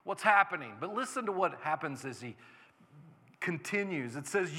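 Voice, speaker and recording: A male pastor preaching a sermon, shifting between soft, conversational teaching and loud, exclaiming declarations. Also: high-pitched, expressive, normal speed. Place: church sanctuary. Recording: echoey church hall.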